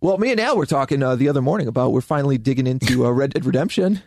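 A man co-hosting a casual gaming podcast, telling rambling stories at a quick clip. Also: medium pitch, lively intonation, a little mellow, a little hiss or hum. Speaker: podcast co-host. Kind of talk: casual chat. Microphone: close studio mic.

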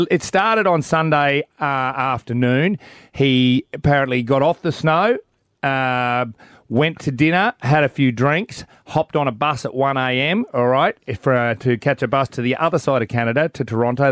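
A man's voice: medium pitch, moderate pace, fairly bright tone, clear, resonant tone, no echo, clean studio sound. An Australian man co-hosting a casual chat, blunt and joking as he tells stories. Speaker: radio co-host.

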